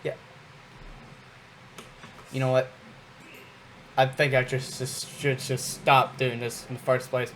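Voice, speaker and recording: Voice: mid-range voice, little pitch movement, slow pace, pauses often, a bit bright, a little hiss or hum, rough recording. Young gamer mumbling and swearing. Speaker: gaming youtuber. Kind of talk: profane casual gameplay commentary.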